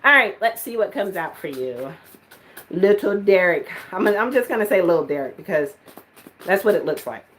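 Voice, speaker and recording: A woman's voice: medium pitch, expressive, normal speed, a bit bright, a little hiss or hum. A woman giving live-stream psychic readings, chatty and full of filler words, at times laughing. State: out of breath. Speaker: psychic reader.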